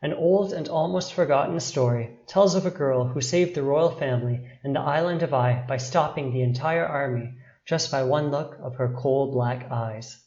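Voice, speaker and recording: Guy reading a bedtime story, slow and dramatic, echoey room, bit muffled. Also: mid-range voice, darkish tone. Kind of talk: scripted bedtime story narration.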